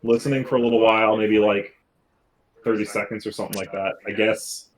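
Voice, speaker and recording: A man's voice: lowish voice, steady tone, fairly quick, slight background noise, rough recording. A man playing a tabletop game, talking in a casual, joking way and swearing now and then. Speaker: player.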